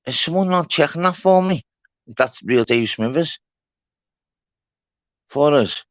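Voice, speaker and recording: A man's voice: fairly high pitch, animated, measured pace, dry recording. A man hosting a casual livestream chat, blunt, swearing and repeating himself. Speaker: livestream host. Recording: dull lo-fi stream audio.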